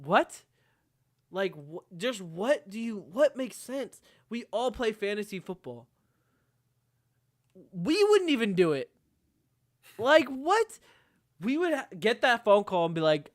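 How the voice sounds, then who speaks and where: A man's voice: high-pitched, big pitch swings, slow, pauses often, dry recording, studio quality. A man co-hosting a sports podcast, venting in a heated, profane, exasperated rant. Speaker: podcast co-host.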